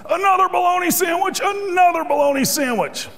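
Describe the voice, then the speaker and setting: A man speaking as an exasperated male construction worker who shouts his complaints. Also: extremely high pitch, a little fast, pitched above the performer's own voice. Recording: reverberant hall.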